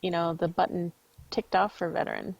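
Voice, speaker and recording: Low gravelly woman chatting on a dull mic. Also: flat delivery, a little fast, no room sound. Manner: chatty, laughs easily, hedges. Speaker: podcast co-host. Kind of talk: casual gaming podcast chat.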